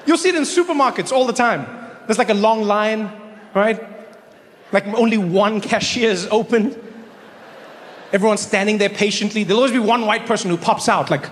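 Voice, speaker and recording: Young male stand-up, high-voiced, animated, faint room noise. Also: normal speed, pauses often. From South Africa. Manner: animated storytelling, acts out characters in shifting voices. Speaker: stand-up comedian. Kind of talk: stand-up comedy. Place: stage before a live audience.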